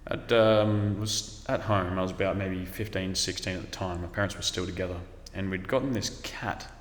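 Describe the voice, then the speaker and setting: Australian man, rambling casual storyteller, fairly low voice, echoey reverberant room. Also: fairly even intonation, moderate pace, slight background noise. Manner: rambling, laid-back, drifts off topic.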